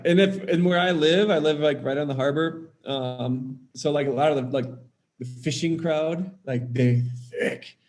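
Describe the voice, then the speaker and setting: A man's voice: a little high, moderate pace, a little mellow. A man from Wisconsin, a podcast guest chatting casually, rambling with many filler words.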